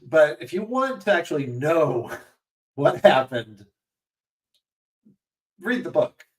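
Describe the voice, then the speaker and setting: A man co-hosting a podcast in casual chat, animated and self-mocking, often trailing off mid-sentence. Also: fairly high pitch, slow, distant mic. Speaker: podcast co-host.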